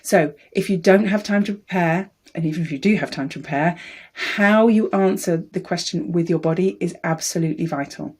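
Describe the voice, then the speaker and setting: A woman coaching public speaking, explaining calmly and steadily and demonstrating voice techniques. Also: fairly low pitch, breathy edge. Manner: calm, measured coaching with demonstrations. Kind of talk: speaking tips lesson to camera.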